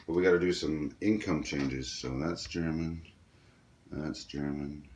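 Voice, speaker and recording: This board game player has an unhurried bass voice with a darkish tone. He chats through his tabletop strategy moves, filling the explanation with ums and uhs, recorded in an echoey room with a little background noise.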